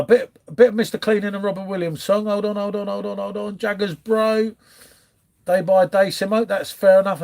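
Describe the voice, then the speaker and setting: A man's voice: high-pitched, vocal fry, a little mellow. A man hosting a casual live stream, reading out viewer chat and bantering like a friendly pub regular. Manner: chatty, matey banter, calls everyone mate. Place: home, pub-style setup.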